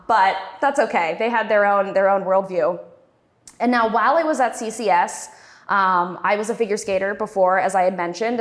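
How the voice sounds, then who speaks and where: Chatty young woman telling her story. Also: fairly high pitch. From Texas. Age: 20s. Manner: chatty, self-deprecating, frequent ums. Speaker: cartoonist guest speaker. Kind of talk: festival talk, personal storytelling.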